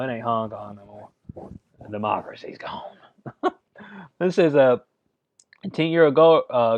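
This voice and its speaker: A man's voice: medium pitch, no echo. A man, casually reading news aloud and joking about it. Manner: laid-back, joking, reads articles aloud. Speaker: commentary vlogger. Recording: dry, dull lo-fi mic.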